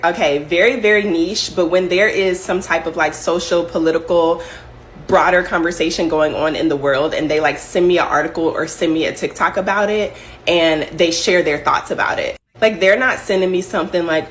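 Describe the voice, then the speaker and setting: A woman's voice: fairly low pitch, moderate pace. Playful Southern woman comedian. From American South. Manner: playful, laughing often, acts out voices. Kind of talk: casual talk to camera.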